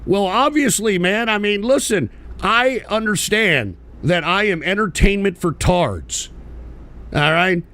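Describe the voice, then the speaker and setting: A man's voice: high voice, lively intonation, measured pace, bright, forceful tone. A man hosting an online political show, ranting bitterly and profanely in a repetitive way. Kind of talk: livestream rant.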